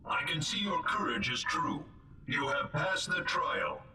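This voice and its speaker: An actor voicing a grave, unseen male guardian spirit who speaks slowly and ceremonially in a game. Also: on the high side, close to an everyday voice. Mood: solemn. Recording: echoey and distant, game audio over music.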